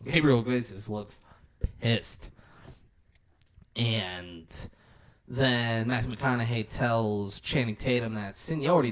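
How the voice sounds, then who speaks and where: Speaking slowly with long pauses in a mid-range voice, a man co-hosts a podcast. He casually walks through a movie's scenes, acting out what the characters say and cursing heavily.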